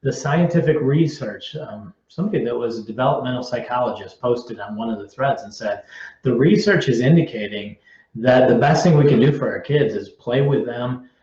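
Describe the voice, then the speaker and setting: A man fields viewer questions on a casual live stream, speaking at a middling pitch. He often trips over his own sentences and restarts them. The sound is roomy and a little dull. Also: normal speed, darkish tone. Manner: conversational, with frequent restarts and filler words. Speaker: curriculum representative answering viewer questions.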